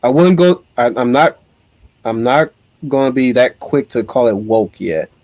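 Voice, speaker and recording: A man's voice: medium pitch, a little slow, no room sound. A man hosting a casual livestream, reading viewer comments and rambling with frequent restarts. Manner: rambling, many restarts, animated. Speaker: livestream host reading chat. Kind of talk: casual chat.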